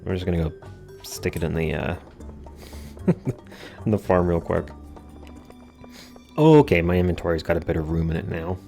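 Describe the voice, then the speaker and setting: A man's voice: sits low, normal speed, vocal fry, pauses often, warm tone, faint music behind. A man giving casual, jokey let's play commentary with self-deprecating asides.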